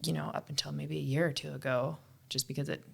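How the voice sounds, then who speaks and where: Young female co-host, low voice, blunt and casual chat. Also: level tone, vocal fry, slightly rough. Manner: frank, swears freely, quick asides. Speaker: podcast co-host and CrossFit coach.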